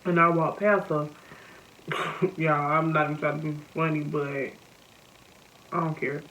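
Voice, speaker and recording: A woman's voice: sits low, unhurried. A young woman with a Southern American accent, vlogging a casual storytime and talking straight to her viewers. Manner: animated, addresses viewers as y'all. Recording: slightly muffled with faint noise.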